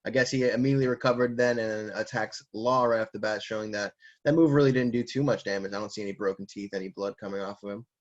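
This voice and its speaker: A man co-hosting a casual chat, animated, laughing often and swearing casually. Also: on the low side, quick pace, hardly any pauses, lo-fi sound. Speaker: co-host.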